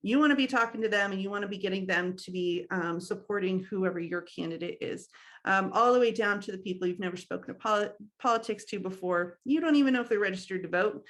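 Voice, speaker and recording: A young woman leading a training session, talking in a loose, conversational way. She fills her sentences with ums and small laughs, at a medium pitch. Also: fast talker. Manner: conversational, many fillers, laughs often. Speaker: workshop trainer. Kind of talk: instructional talk.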